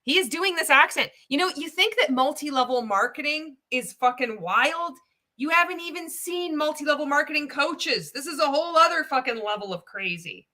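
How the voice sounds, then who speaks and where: A woman giving reaction commentary on a video. She is sarcastic and profane and laughs often between remarks. Her voice is bright and a little high. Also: lively intonation, moderate pace. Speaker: commentary host.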